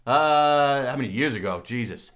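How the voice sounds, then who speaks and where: A man hosting a comedy podcast, chatting casually and deadpan as he plays along with a bit. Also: medium pitch, normal speed, a little hiss or hum. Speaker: podcast host.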